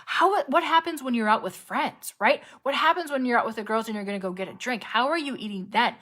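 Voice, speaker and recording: A woman health coach talks straight to her listeners in a casual, upbeat motivational style, leaning on "like" and "right?". Her voice sits fairly high, and she slips into quick, panicky inner voices to make her point. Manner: casual, animated, lots of "right?" and "like"; acts out panicky inner voices with sharp jumps in pitch. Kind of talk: motivational talk to camera.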